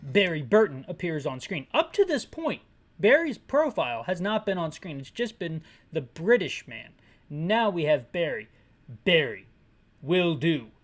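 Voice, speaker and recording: A woman's voice: lowish voice, very animated, moderate pace. A woman narrating a descriptive audio game playthrough with sarcastic, ranting asides. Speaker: game commentator.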